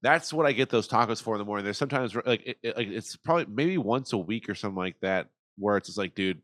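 A man's voice: fairly low pitch, expressive, fast talker, a bit bright, no room sound. Guy rambling and cussing in a chill chat, voice jumps around a lot, dry mic. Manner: swears freely, rambling, acts out quoted voices. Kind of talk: casual chat.

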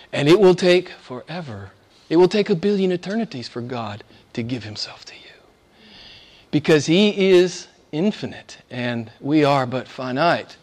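A man preaching with a lively, sweeping voice that climbs high when he gets excited. He drops to near whispers, then bursts out loud again. He laughs often and throws in playful asides. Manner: swings between hushed whispers and loud, high exclamations. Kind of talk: sermon.

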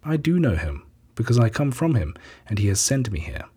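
A man voicing a calm male teacher who speaks with measured, earnest authority in a scripture reading. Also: medium pitch, breathy edge.

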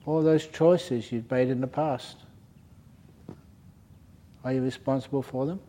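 Older monk giving a jokey dharma talk, teasing the crowd, laughs a lot. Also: male voice, mid-range voice, steady tone, unhurried, warm tone, a little hiss or hum. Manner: playful, teasing, laughs at his own stories. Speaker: Buddhist monk teacher. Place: retreat centre hall.

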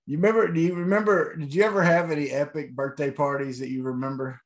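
A man's voice: on the high side, fairly even intonation, fast talker. A man, co-hosting a podcast, easygoing and teasing as he tells stories in casual chat. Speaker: podcast co-host.

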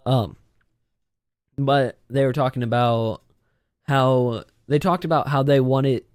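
A man's voice: mid-range voice, fairly even intonation, takes it slowly, darkish tone, no room sound, studio quality. Laid-back young man chatting. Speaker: podcast guest. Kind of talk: casual podcast chat.

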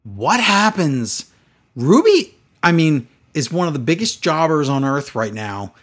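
A man's voice: a little high, animated, moderate pace, a bit bright. Sarcastic man ranting about a show. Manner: sarcastic, exasperated, mocking. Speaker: wrestling show reviewer. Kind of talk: casual chat.

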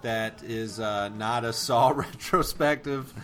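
A man co-hosting a podcast in loose, jokey banter, swearing freely. His pitch sits in the middle range for a man. Music plays clearly underneath his voice. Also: takes it slowly, fairly bright tone. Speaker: podcast co-host. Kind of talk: casual horror podcast banter.

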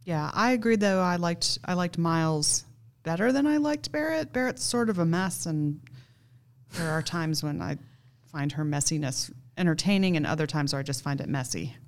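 A woman's voice: lowish voice, lively intonation, moderate pace. A woman in casual book-club chat, thoughtful and a little self-deprecating. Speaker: book club podcast host.

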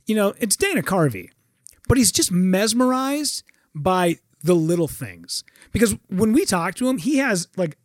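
Male storyteller, high and very lively pitch, casual and profane, dry close recording. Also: no echo. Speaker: guest.

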